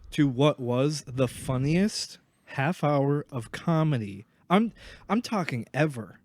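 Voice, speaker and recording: A man guests on a home podcast, laid back and agreeable, with a ready joke. His voice is mid-pitched and sounds close and dry. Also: expressive, takes it slowly, darkish tone, no room sound. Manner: easygoing, agreeable, jokey. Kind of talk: casual chat. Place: room in a house.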